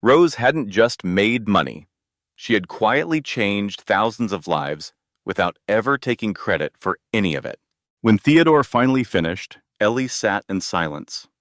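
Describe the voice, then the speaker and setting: A man narrating a scripted drama story in a steady, dramatic storytelling manner. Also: on the low side, unhurried, dry recording, studio quality.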